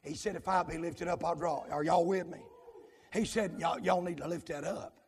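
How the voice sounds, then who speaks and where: A man preaching a revival sermon, breaking into shouted, sing-song runs, then dropping to quick asides to the congregation. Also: fairly even intonation, long reverb tail, slight background noise. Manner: swings between hollered, sing-song runs and low, rapid asides to the congregation.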